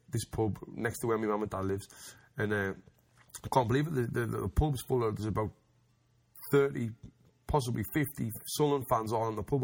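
Man, casual storytelling, rambling, restarts a lot, chuckles. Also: medium pitch. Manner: rambling, frequent restarts, laughs while telling.

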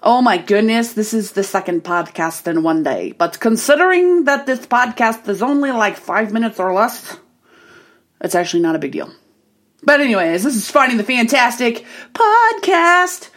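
A young woman hosting her own podcast, talking in a chatty, bubbly, rambling way with frequent restarts. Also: fairly high pitch. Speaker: podcast host. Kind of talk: casual solo podcast monologue.

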